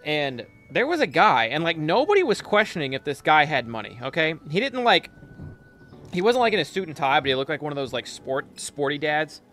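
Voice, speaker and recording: Profane, bright-voiced young male streamer. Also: mid-range voice. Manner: storytelling, profane, reads chat aloud. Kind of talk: casual gaming stream chat.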